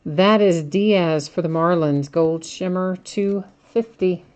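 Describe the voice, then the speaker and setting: A woman hosts a live card break, chatting casually and reading out each card name as she opens packs. Her voice is fairly low, slow and a little mellow, and she's chatty, often laughing at herself in this relaxed live-stream commentary.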